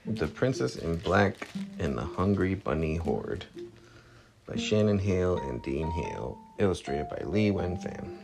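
A man reading a storybook aloud to his child, lively and expressive, with a gravelly voice. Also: deep voice, measured pace, music in the background. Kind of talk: bedtime story read-aloud.

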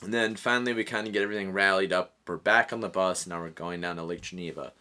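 A man's voice: deep voice, fast talker, pushed and bright. A man in his thirties casually telling a long story, laughing often and swearing freely.

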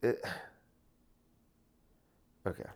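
A man's voice: very slow, mellow. A man hosting a podcast, talking casually and incredulously, full of restarts and rhetorical questions. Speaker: podcast host.

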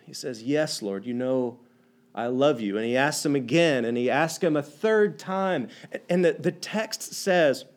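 A man preaching a conversational sermon, retelling a story with restarts and acting out the characters' lines. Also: on the high side. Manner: animated, acts out quoted lines, many restarts.

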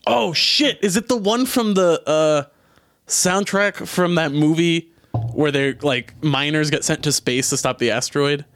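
A man telling stories in casual chat, animated and swearing often. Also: on the high side, measured pace, dry recording, clean studio sound. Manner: animated storyteller, swears a lot. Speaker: bartender.

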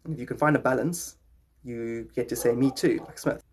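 A man's voice: mid-range voice, fairly quick. A man hosting a podcast, rambling in a jokey, philosophical way. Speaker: podcast host. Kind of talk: rambling casual talk.

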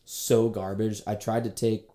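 A man's voice: on the low side, flat delivery, unhurried, warm tone. A man telling rambling, jokey stories in casual chat with friends.

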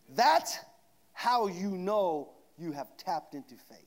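A man preaching a sermon, swinging from shouted declarations down to hushed asides. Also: high-pitched, lively intonation, slow.

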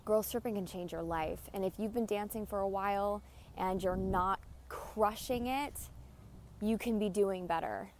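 A woman hosts a podcast, delivering blunt, emphatic advice in a casual monologue and repeating herself often. Her voice is mid-range and darkish, a little slow, with slight background noise.

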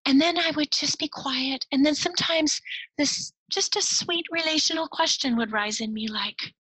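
A middle-aged woman giving a reflective devotional talk to people who serve across cultures, soft-spoken and sometimes dropping to a whisper. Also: high-pitched, normal speed, dry recording, rough recording. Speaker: speaker to cross-cultural workers.

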